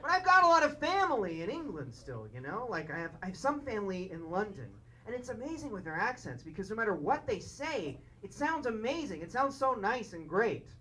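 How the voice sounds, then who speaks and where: A man's voice: sits high, very animated, brisk, few pauses, sharp tone, a little hiss or hum. A man doing a stand-up set on a club stage, with an awkward, rambling, confessional delivery. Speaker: stand-up comedian. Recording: live club recording with crowd. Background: audience laughter.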